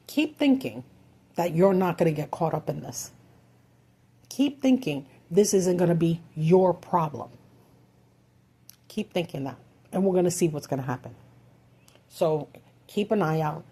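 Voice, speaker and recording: A woman's voice: lowish voice, dark tone, breathy edge. A woman vlogger delivering an urgent, frustrated rant to her viewers, full of rhetorical questions and swearing. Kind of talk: impassioned political rant.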